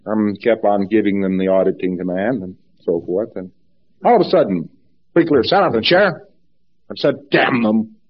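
A man giving an informal lecture, telling stories in a lively way and acting out what people said. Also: on the low side, moderate pace. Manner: lively storytelling, acts out quotes. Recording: dull lo-fi archive tape.

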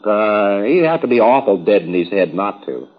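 A man's voice: lowish voice, big pitch swings, moderate pace, muffled recording. A man giving a rambling, folksy, informal lecture to trainees, with wry asides.

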